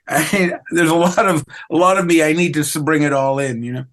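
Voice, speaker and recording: A man's voice: fairly high pitch, normal speed, fairly bright tone. Chatty self-mocking middle-aged man. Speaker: comedian guest. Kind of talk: casual interview chat.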